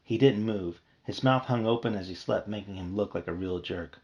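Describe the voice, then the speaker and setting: A man's voice: on the low side, normal speed, highs cut off. A man reading a children's horror book aloud, narrating expressively. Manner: expressive storytelling. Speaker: reader.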